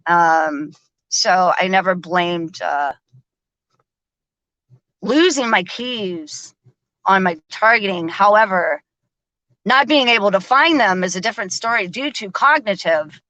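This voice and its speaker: A woman's voice: mid-range voice, lively intonation, takes it slowly, pauses often, a bit bright, no room sound, rough recording. A woman hosting a live stream in casual chat, chatty, laughing often and using lots of fillers. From American South.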